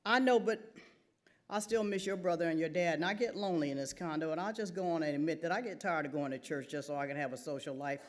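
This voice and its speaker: A woman's voice: low voice, quick pace, close to an everyday voice. A woman reading aloud and voicing a blunt, teasing churchgoing mother in her eighties. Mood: chatty. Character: sassy churchgoing elderly mother, eighty-one.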